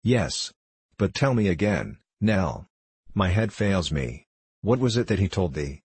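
Casting: a man doing a weak, despairing old grandfather, husky, deep and slow. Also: sing-song, darkish tone, no room sound, heavily acted.

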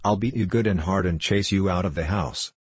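A man's voice: deep voice, a little fast, slightly rough, no room sound. A man reading aloud, voicing a harsh, threatening middle-aged peasant stepfather.

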